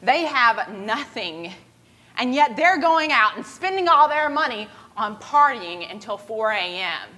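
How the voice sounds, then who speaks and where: A woman voicing a grumpy, know-it-all male theologian who gossips in a hushed way during a church skit. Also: a little high, expressive, unhurried, full character voice. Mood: disapproving.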